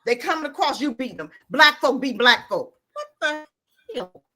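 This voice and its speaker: A woman's voice: sits high, lively intonation, normal speed, sharp tone, soft background music. A woman giving blunt, impassioned commentary as a guest on a podcast.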